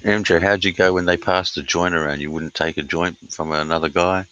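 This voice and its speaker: Very deep-voiced Australian man, blunt. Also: steady tone, fairly bright tone, highs cut off. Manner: blunt, swears often, many filler pauses. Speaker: livestreamer reading chat. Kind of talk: casual live-stream chat.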